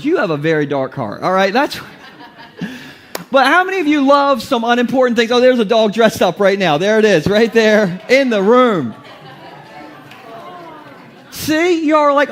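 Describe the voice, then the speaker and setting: A man preaching as a pastor to his congregation, in a playful joking way, often laughing. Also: high-pitched. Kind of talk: humorous sermon. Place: church basement before a congregation.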